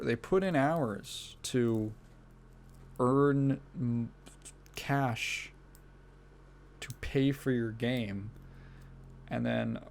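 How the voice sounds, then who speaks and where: A man's voice: mid-range voice, darkish tone, a little hiss or hum. A man hosting a solo gaming podcast in a casual, rambling way, swearing freely and often breaking into laughter. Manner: rambling, profane, laughs often mid-sentence. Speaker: podcast host.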